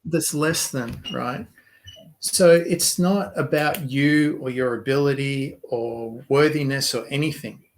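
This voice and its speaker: A man's voice: medium pitch, slow, rough recording. A man leading a group discussion, explaining ideas in a reflective way and laughing easily. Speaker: workshop leader.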